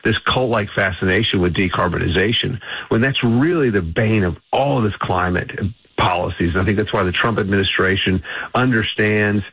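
A man's voice: fairly low pitch, moderate pace, slightly rough, dry recording. A man giving confident, emphatic answers as a guest in a radio interview. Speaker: energy think tank CEO, guest. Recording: tinny phone line.

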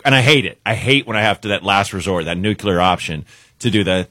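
Husky, animated comedian man. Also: lowish voice, brisk, no echo, studio quality. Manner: animated, laughs through his own punchlines. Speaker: stand-up comedian guest. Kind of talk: comic storytelling on a radio show. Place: radio studio. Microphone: studio microphone.

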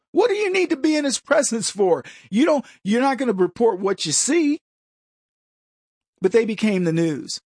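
A man's voice: very high voice, sing-song, normal speed, slightly rough, dry recording, clean studio sound. A man hosting a commentary show, delivering a combative, mocking opinion monologue and mimicking his opponents.

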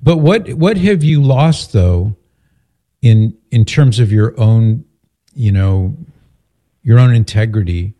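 A man hosting a call-in radio show, calmly steering the caller with summarizing questions. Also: lowish voice, takes it slowly, pauses often. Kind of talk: advice call-in radio talk.

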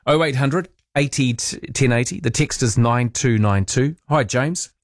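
Nz talkback guy, rambly chatty, dead dry studio sound, middle pitch. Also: unhurried, no room sound. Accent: New Zealand. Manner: chatty, rambling, searching for words. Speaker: radio talkback host. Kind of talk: late-night talkback radio chat. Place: radio studio.

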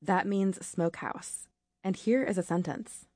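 Low, mellow-voiced woman announcer. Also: a little slow, a little hiss or hum. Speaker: radio announcer. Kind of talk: scripted word-of-the-week segment.

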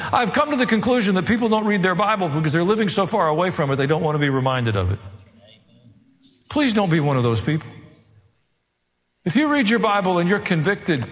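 A man preaching a sermon as pastor, earnest and pleading, acting out quiet prayers. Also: high-pitched, long reverb tail.

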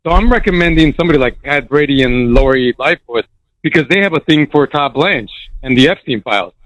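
Male caller, easygoing, slightly high voice, dull muffled phone sound. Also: lively intonation, brisk, fairly bright tone, dry recording. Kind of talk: casual phone-in chat.

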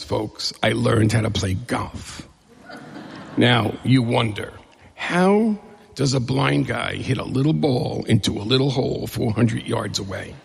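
Middle-aged male storyteller, gravelly and husky, lively and humorous, recorded in a reverberant hall. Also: medium pitch. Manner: lively, humorous, acts out dialogue. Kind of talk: personal storytelling to an audience.

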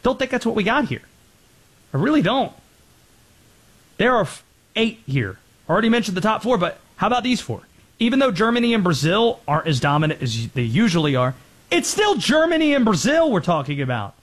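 A man with a high voice, hosting a sports talk show. He talks with lively energy, and his pitch swings widely from line to line. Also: a little fast, husky. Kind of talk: sports commentary.

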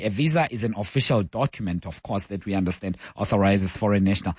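A man's voice: lowish voice, a little mellow, dry recording. A man hosting a live radio talk show, speaking with many fillers and restarts.

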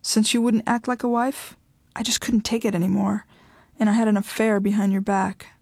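A woman's voice: medium pitch, level tone, normal speed, gravelly, darkish tone, no room sound, clean studio sound. A woman voicing a whiny, pouting married man who pleads and insists in a storybook reading. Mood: wounded.

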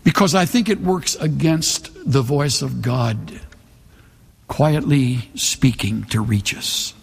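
A man preaching a sermon with a gravelly, slightly husky voice. He reads scripture in a measured, dramatic way, slowing for emphasis. His voice rings with the long reverb of a large hall. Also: medium pitch.

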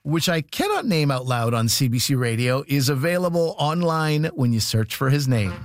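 A man hosting a radio comedy show, briskly reading scripted announcements and introducing acts from a studio. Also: mid-range voice, big pitch swings. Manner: brisk, promotional.

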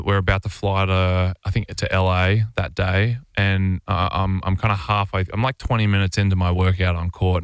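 A man's voice: low-pitched, smooth, no room sound. An Australian man, a basketball player, telling a story casually on a radio show, rambling with lots of fillers and restarts. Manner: rambling, relaxed, full of "like" and restarts.

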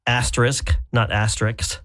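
A man co-hosting a morning radio show, chatting casually and fussing over how words are pronounced. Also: moderate pace. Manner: chatty, fussy about pronunciation, lively pitch swings. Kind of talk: casual on-air banter.

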